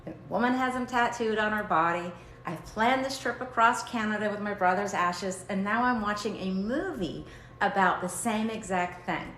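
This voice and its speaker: A woman hosting a livestream, telling a faith-based personal story with high energy and acting out the dialogue. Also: normal speed, fairly bright tone, a little hiss or hum. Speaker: livestream host. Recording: roomy, echoey room.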